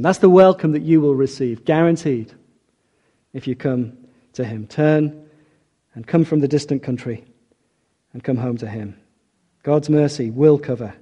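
A man's voice: medium pitch, mellow, slightly rough. A middle-aged man preaching a sermon, earnest and emphatic, often asking rhetorical questions.

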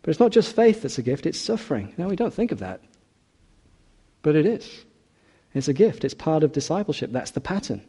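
A man preaching a sermon, earnest and emphatic, slowing and dropping his voice on key phrases. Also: on the high side, sing-song, dark tone, slightly rough. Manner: earnest, emphatic, slows and drops on key words.

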